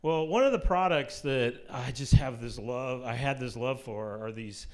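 A man's voice: mid-range voice, a little slow, a little mellow. A man in his fifties from Kansas City, speaking as a guest at a church gathering in a chatty, joking way, with lots of ums and asides into a mic. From Kansas City, USA. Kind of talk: casual church talk to a live audience. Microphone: handheld or stand mic at a live talk.

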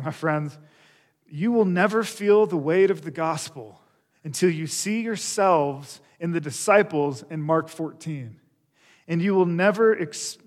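A male pastor preaching a sermon, speaking earnestly and addressing the congregation directly as friends. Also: on the high side. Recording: long reverb of a large hall.

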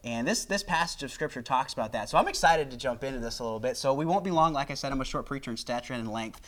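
A man's voice: mid-range voice, animated, fast, a bit bright. An American man preaching a sermon in a conversational way, with frequent restarts and fillers, into a handheld microphone. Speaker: guest preacher.

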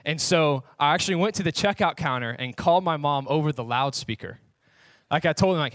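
Young male pastor, fairly high voice, easygoing joking sermon, dry close sound. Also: expressive, a little fast, fairly bright tone, dry recording. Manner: casual, joking, talks to the audience. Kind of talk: sermon with personal stories.

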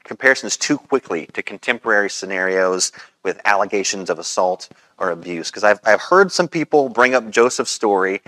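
A man preaching a sermon as pastor, in a relaxed, conversational way with frequent pauses. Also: on the low side, no echo, rough recording.

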